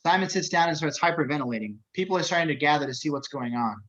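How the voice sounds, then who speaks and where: A man reading stage directions as narrator, brisk and matter-of-fact. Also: fairly high pitch, expressive, a bit bright, lo-fi sound.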